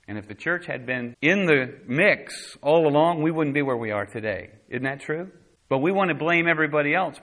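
A man preaching a sermon with passion, reading scripture and dropping from hushed tones to loud bursts. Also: medium pitch. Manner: reads scripture aloud in King James wording. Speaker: pastor.

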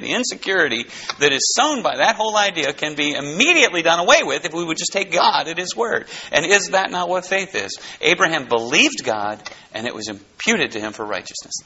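A pastor teaching verse by verse from the Bible, going from emphatic to hushed. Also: male voice, a little high, a little hiss or hum. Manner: animated, swings from emphatic to hushed. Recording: dull lo-fi recording.

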